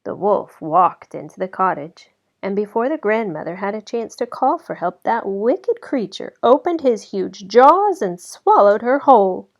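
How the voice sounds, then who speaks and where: Gravelly-voiced woman reading a storybook. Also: medium pitch. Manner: expressive, slowed for effect. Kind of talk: storybook read-aloud. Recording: slightly dull lo-fi recording.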